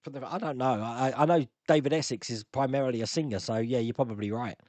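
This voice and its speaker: A man's voice: mid-range voice, fast, a little mellow, no room sound. A man hosting a casual live-stream Q&A, chatting and laughing as he answers viewer comments.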